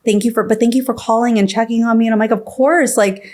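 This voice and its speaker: A woman's voice: a little high, level tone, very fast, a little mellow. A woman guest on a podcast, telling her story casually, full of fillers and acting out what others said. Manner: filler-heavy, acts out quoted dialogue.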